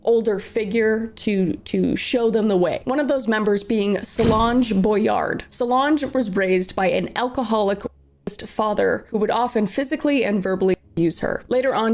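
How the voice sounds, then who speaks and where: A woman narrating a true crime case in a casual, conversational way. Her voice sits in a middle pitch, and she keeps breaking off with sarcastic, chatty remarks. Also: a little mellow.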